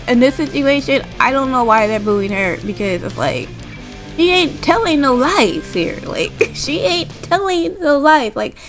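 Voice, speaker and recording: A woman with a high-pitched, somewhat bright voice rambles through a casual wrestling show recap on a rough recording. She keeps tagging her sentences with "like" and "right?".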